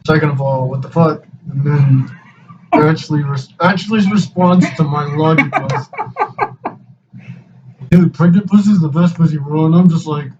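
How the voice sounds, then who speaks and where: A young man in his twenties with a slightly high voice spins a profane, rambling tale. He acts out each friend's lines as he goes. The recording is lo-fi, with him set back from the mic and a clear hiss underneath. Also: moderate pace. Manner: profane, rambling, animated retelling with quoted dialogue. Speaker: podcast host. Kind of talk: casual storytelling chat. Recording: distant mic, dull lo-fi sound with clear background hiss.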